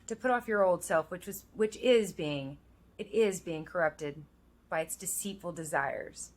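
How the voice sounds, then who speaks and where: Earnest woman vlogging, low-pitched voice. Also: measured pace. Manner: earnest, reflective, quoting verses aloud. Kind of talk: casual personal vlog with scripture reading. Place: outdoors in the rain.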